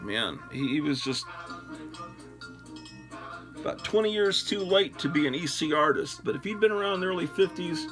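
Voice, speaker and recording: An older man hosts a casual solo chat on his phone while sorting comics, rambling and poking fun at himself. His voice sits fairly high, with lively intonation, a moderate pace and frequent pauses. The recording is rough, with music clearly playing in the background.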